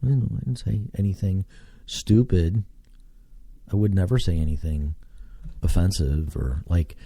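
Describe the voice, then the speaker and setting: Rambling man, low and slow. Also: vocal fry, warm tone, slightly rough, no echo. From Texas. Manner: rambling, thinks aloud, swears casually. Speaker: podcast host. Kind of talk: casual solo podcast chat. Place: home basement.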